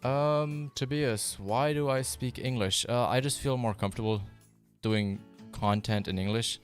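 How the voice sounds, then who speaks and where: A man whose first language is German, chatting casually with viewers on a live stream in a fairly monotone, rambling way full of fillers. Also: mid-range voice, a little slow, soft background music. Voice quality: fairly monotone, even delivery. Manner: relaxed, rambling, with many fillers and restarts.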